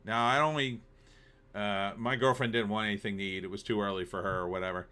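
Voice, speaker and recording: Exasperated man with a bright voice. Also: on the low side, fairly even intonation, quick pace, clean tone. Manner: exasperated, sarcastic, acts out both sides of the dialogue. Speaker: vlogger telling a story. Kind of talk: casual storytelling rant.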